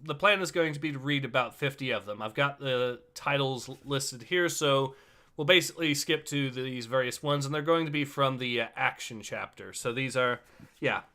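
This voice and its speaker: A man's voice: medium pitch, moderate pace, bright, forceful tone. A man hosting a casual livestream, chatty with many fillers and restarts. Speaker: livestream host.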